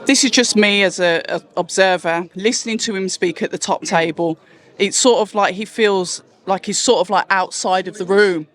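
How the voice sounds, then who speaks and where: Brummie host, high voice, teasing and playful, chatty interviewer. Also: male voice, moderate pace, fairly bright tone. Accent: Birmingham. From Birmingham, England. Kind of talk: casual chat. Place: press conference venue.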